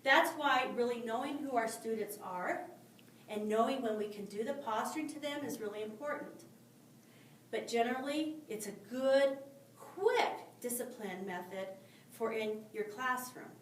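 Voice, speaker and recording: A woman's voice: fairly high pitch, unhurried, slight background noise. Woman explaining classroom discipline, keeps asking the listener questions, sounds echoey and off-mic. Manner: explains with frequent rhetorical questions. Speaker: teacher trainer. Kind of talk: instructional talk with demonstrations. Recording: roomy, mic at a distance.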